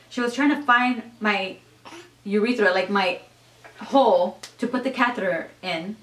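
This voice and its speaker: A young adult woman vlogger telling a personal story in a chatty, animated way, full of "like" and "you guys". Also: medium pitch, measured pace, distant mic. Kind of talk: casual storytelling to camera. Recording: echoey room.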